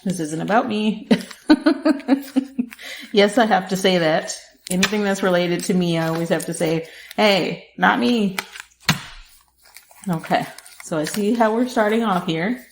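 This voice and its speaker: A woman's voice: lowish voice, moderate pace, background noise. A woman hosting a podcast, giving a casual tarot reading and talking straight to the listener, laughing often. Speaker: podcast host, tarot reader. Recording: echoey room.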